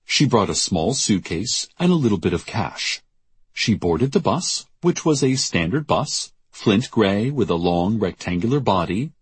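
Deep husky deadpan male narrator. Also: no echo. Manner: measured, deadpan storytelling. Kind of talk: audiobook narration.

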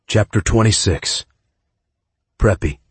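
Man, audiobook narration, earnest and emotive, very low voice, dry close sound. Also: slow, husky, no echo. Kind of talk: first-person audiobook narration.

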